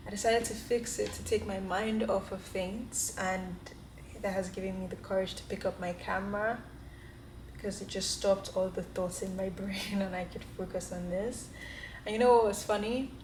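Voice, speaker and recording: Indoors in her apartment, a young woman talks to her camera in a mid-range, slightly mellow voice with fairly even intonation and a moderate pace. Her vlog talk is casual, candid, and self-reflective, with frequent laughter, roomy echo, and slight background noise.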